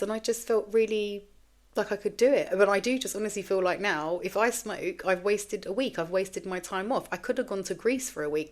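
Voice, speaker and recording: A woman in her forties hosting a podcast, talking candidly and rambling in a raw, tearful state, swearing freely. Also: medium pitch. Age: 40s. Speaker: podcast host. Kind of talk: casual confessional monologue.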